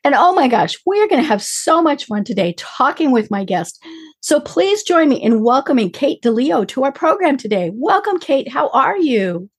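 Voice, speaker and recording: A woman hosting a business interview show, bubbly and enthusiastic, talking through a squeaky, strained voice. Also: big pitch swings, moderate pace. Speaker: podcast host.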